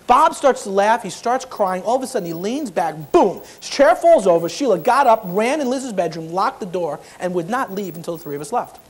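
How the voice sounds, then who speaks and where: A man's voice: high-pitched, animated, fairly quick, hardly any pauses, slight background noise. A man giving a humorous keynote talk as a motivational speaker, acting out the people in his story.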